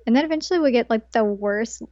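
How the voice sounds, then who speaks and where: Female co-host, high voice, dry, slightly muffled mic, wry jokes. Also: fast talker, a crowd in the background. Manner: wry, joking asides. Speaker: podcast co-host. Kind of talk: casual chat recapping an anime episode.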